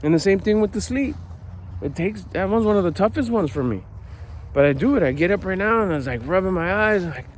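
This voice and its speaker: A middle-aged man talks straight to the camera in a park at dusk, blunt and lively, cursing freely as he pushes himself on. His voice sits a little high for a man. Faint traffic hums in the background. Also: fast talker. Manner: animated, blunt, swears casually. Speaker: personal development vlogger. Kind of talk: casual motivational monologue. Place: outdoors at a park at sundown.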